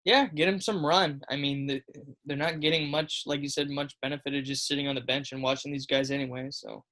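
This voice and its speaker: A man's voice: fairly high pitch, little pitch movement, fairly quick, fairly bright tone. A man co-hosting a casual sports podcast, talking in an easygoing way with frequent laughs and fillers. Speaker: podcast co-host.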